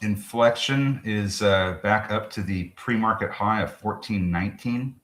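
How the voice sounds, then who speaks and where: Low-voiced man talking charts in a roomy echo. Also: fairly bright tone. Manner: chatty, halting, restarts with fillers, quick laughs. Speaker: trading show co-host. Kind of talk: live market commentary.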